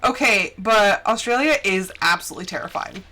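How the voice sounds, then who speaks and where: A woman's voice: medium pitch, animated, fairly quick, sharp tone. A young woman with a General American accent, from the central United States, chatting casually on a gaming stream from home into a close mic, giggling often. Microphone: close desk mic.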